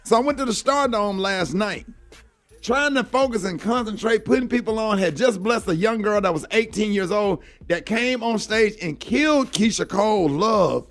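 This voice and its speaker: A man's voice: high-pitched, animated, moderate pace, a bit bright, faint music behind. A middle-aged man hosting a morning radio show, telling a heartfelt story in an earnest way and saying "man" often. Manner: earnest, heartfelt, fills talk with "man" and "you know".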